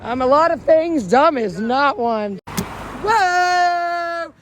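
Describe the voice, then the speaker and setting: A woman's voice: high-pitched, expressive, a little slow. A woman livestreaming outdoors on a city street at night, talking into her phone in a flamboyant, rambling way and jumping from topic to topic.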